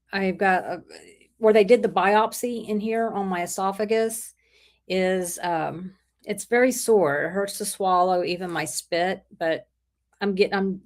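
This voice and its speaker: A middle-aged woman with a soft drawl hosts a relaxed livestream, chatting loosely and greeting viewers one by one. Her voice carries a sore throat that she talks through. She rambles in a friendly way, with many small restarts. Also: on the low side. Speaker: livestream host. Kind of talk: casual chat reading viewer comments.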